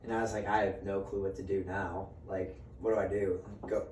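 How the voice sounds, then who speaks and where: Swearing freely as he tells friends a story, a man acts out what others said in a low, level, slightly mellow voice at a fairly quick pace. A distant mic produces roomy sound with faint ambience, plus a little hiss or hum.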